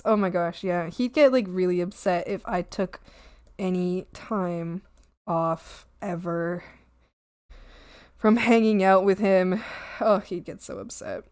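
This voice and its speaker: A young woman streaming and chatting casually while drawing, rambling and swearing freely, her voice swinging from loud outbursts to quiet mumbling. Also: medium pitch, unhurried, long pauses, smooth, no room sound, studio quality.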